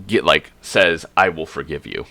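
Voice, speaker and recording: A man's voice: a bass voice, lively intonation, normal speed, vocal fry, sharp tone, no echo, heavily acted. A man voicing a stern male god-king who hands down judgment in a scolding, slangy way.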